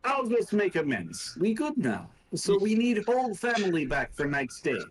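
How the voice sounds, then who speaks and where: A man's voice: high voice, huge pitch swings, normal speed, exaggerated voice, poor audio. A man voicing a blunt, simple-spoken male warrior who talks proudly in broken English, as a player in a tabletop game.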